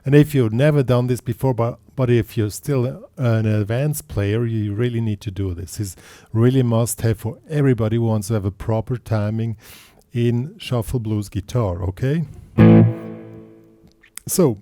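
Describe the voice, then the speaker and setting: A man teaching guitar, explaining in halting bursts with restarts, counting beats aloud as he plays and checking in with the listener. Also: medium pitch, dry recording. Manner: checks in with the listener after points. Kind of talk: guitar tutorial. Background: loud guitar playing.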